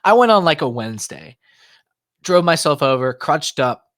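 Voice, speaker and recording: A man's voice: a little high, moderate pace, no echo. A young man telling a story on a casual podcast, acting out the voices of the people in it and leaning on lots of "like" fillers. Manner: animated, acts out voices in quotes, many "like" fillers.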